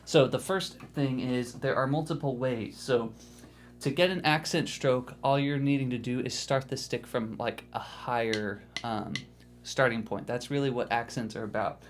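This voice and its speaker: A man's voice: medium pitch, normal speed, faint music behind. Casual male drum teacher explaining technique. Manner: casual, encouraging, repeats "okay?" to check in. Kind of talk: instructional video lesson.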